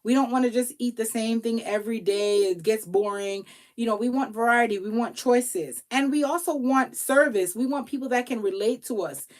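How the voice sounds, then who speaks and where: A woman tax professional giving casual motivational advice to viewers, animated and pleading, acting out little quoted exchanges. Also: a little high, moderate pace. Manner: pleading, repeats herself for emphasis. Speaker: tax professional and business coach.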